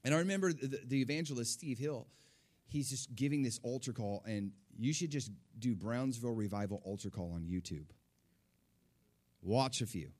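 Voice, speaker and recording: Male storyteller, mid-range voice, casual testimony, swings from hushed to excited. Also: mid-range voice, normal speed. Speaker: speaker sharing a testimony.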